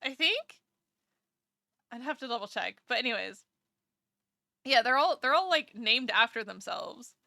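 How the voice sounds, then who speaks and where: Woman VTuber, bright tone, unhurried sleepy rambling chat to viewers. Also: on the high side, animated, vocal fry, dry recording, studio quality. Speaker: VTuber streamer. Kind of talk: casual live-stream chat.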